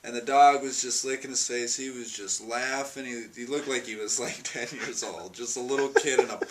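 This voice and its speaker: In an interview, a man with a mid-range, steady voice at normal speed tells a fond, rambling personal anecdote full of restarts and chuckles. The mic is distant, with faint noise.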